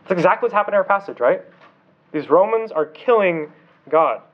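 A man preaching a sermon with intensity, punching some words hard and letting his sentences drop to hushed, low endings. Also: lively intonation, a little fast, phone-quality sound. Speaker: pastor.

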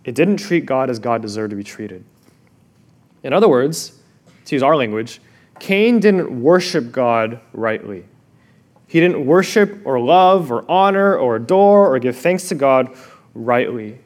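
A male pastor preaching a sermon, expressive, dropping to a hush and rising again, asking the listeners questions directly. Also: medium pitch, a little slow. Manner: expressive, swings from loud to hushed.

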